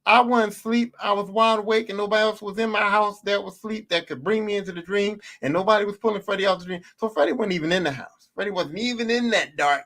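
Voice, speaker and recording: A man tells stories in a fairly high, bright, edgy voice. He talks loosely and profanely, circling back over his lines for emphasis and swinging between hushed and loud. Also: quick pace, few pauses. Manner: animated, profane and repetitive. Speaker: podcast host. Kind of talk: casual storytelling monologue.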